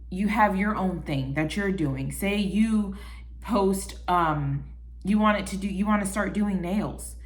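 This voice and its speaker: Chatty woman giving casual advice. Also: mid-range voice. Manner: chatty, animated, quotes people in little voices; calls the listener baby. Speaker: vlogger giving life advice. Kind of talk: casual talk to camera.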